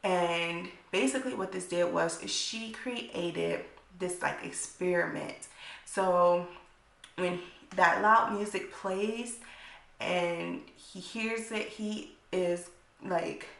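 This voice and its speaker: A young woman gives a chatty, blunt recap of a TV episode, swearing freely and leaning on "like". Her voice sits a little low with a gravelly edge. The room around her is noticeably echoey. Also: takes it slowly, fairly bright tone. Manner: chatty, blunt, profane, lots of "like". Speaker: YouTuber reviewing a TV episode. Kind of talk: casual recap chat.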